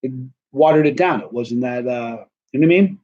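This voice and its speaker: A man's voice: medium pitch, a little fast, darkish tone. Tired, rambling man on a dull stream. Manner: rambling, chatty, self-deprecating. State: tired and wired. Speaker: vlogger answering live chat. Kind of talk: casual live-stream chat.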